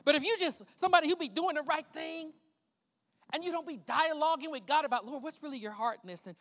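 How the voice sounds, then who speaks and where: A male pastor preaching a sermon, swinging between loud emphatic preaching and hushed, prayerful murmurs. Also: very high voice, quick pace. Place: church sanctuary. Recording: long church hall reverb.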